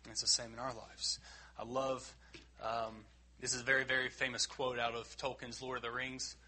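A man preaching a sermon in an earnest, emphatic way, rising loud and dropping quiet. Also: medium pitch, level tone, moderate pace, husky.

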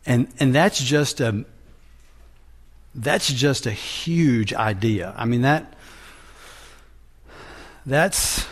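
A man preaching a sermon, teaching from scripture in a deliberate manner with frequent restarts. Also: mid-range voice, animated.

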